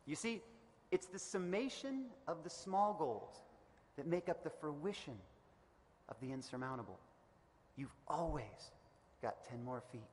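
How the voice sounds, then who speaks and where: Man, high voice, motivational commencement speaker, emphatic, long hall reverb. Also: a little slow, pauses often, slight background noise. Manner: energetic and emphatic, building to loud repeated declarations. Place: large indoor event hall.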